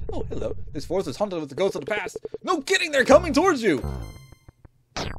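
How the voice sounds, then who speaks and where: A man narrating his own gameplay in a lively voice that leaps up and down in pitch. He jokes, panics and talks straight to the game characters. Faint music plays underneath. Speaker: gaming video host. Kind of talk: let's play commentary.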